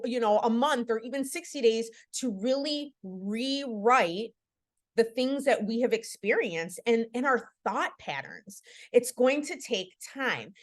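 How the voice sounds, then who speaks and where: A middle-aged woman hosting a live book club on a video call, talking in an earnest, encouraging way with lots of "you know" and "like". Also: on the high side. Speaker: podcast host leading a book club.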